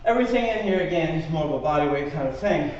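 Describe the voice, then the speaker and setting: A man's voice: on the high side, lively intonation, fast, a little mellow, slight background noise. A man teaching a Pilates class while doing the exercises, counting reps and coaching, out of breath at times. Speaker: Pilates instructor. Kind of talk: live workout class instruction. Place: warm studio. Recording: echoey, distant, slightly muffled mic.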